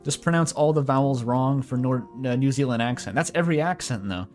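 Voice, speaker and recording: A man reads a story aloud in a relaxed way, his voice mid-pitched. He often stops for self-mocking asides and casual swearing. Faint music runs underneath. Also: a little fast. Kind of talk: casual read-aloud of fan fiction.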